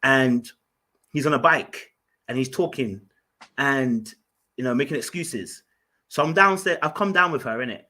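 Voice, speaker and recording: A man from Ghana, telling an animated story in casual podcast chat, full of fillers and restarts. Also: mid-range voice, unhurried, pauses often. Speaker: podcast guest.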